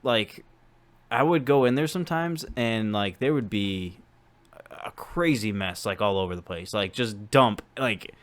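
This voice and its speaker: A man's voice: lowish voice, a little slow, a bit bright. A young man co-hosting a casual podcast chat, rambling and jokey, with lots of "like" fillers. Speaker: podcast co-host.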